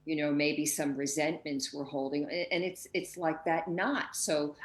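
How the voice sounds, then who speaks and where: A woman's voice: deep voice, fairly even intonation, unhurried, roomy sound, low-quality recording. A woman hosting a heartfelt spiritual conversation over a video call, speaking emotionally and acting out inner voices. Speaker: host.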